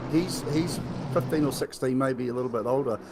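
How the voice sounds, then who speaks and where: A man's voice: mid-range voice, brisk, creaky, noisy background. A man with a New Zealand accent commentating a live sim race, chatty and joking, with lots of fillers and restarts.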